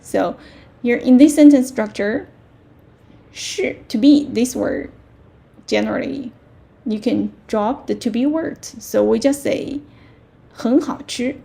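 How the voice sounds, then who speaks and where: A woman teaching a language lesson, repeating words slowly and checking that learners follow. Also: on the high side, gravelly, dark tone. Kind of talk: slow, patient language lesson.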